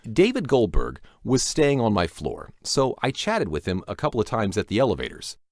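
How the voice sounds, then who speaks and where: A man's voice: on the low side, moderate pace, no room sound, studio quality. A man working as a voice actor, narrating a chatty, self-deprecating recap of an event with rambling asides, recorded at his home setup. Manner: animated, playful delivery.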